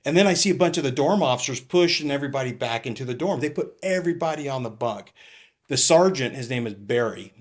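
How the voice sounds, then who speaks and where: A man's voice: medium pitch, expressive, fast talker. A middle-aged man from California, a retired police captain, telling rambling stories in a casual interview, swearing and acting out what people said. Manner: rambling, swears, acts out quoted lines.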